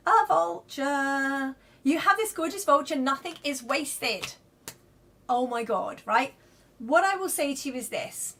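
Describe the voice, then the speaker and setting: High-voiced chatty woman card reader. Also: fairly bright tone. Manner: chatty, reassuring, lots of "okay?" and "right?". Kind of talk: live-stream card reading.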